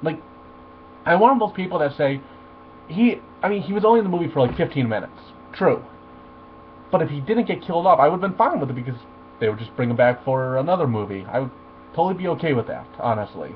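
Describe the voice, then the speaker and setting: A man ranting animatedly and profanely through a review of a superhero film. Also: medium pitch. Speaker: movie reviewer. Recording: tinny phone-like audio with faint mains hum.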